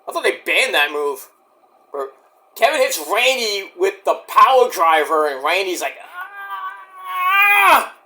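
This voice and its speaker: Bright-voiced man rambling through live commentary. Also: high-pitched, expressive, measured pace. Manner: rambling, profane, talks to himself about the action. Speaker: show reviewer. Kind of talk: casual running commentary while watching.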